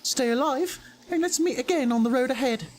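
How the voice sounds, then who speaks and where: A man voicing Cloth, a chipper, slightly bratty young female bug warrior, in a high put-on British accent from a game. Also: a little fast, a little hiss or hum. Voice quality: high, bright, lightly bratty.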